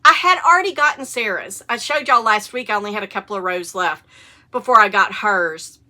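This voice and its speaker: A middle-aged woman, hosting a casual knitting podcast and telling animated stories, with the occasional cough and hiccup. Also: mid-range voice, a little fast. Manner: chatty, animated storytelling with rising excitement. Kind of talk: casual chat.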